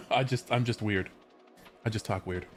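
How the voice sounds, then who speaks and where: Man, American accent, lowish voice, casual streamer chat, rambling, self-correcting, faint music behind. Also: measured pace. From California, USA. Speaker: livestreamer and game developer. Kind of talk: casual live-stream chat while working.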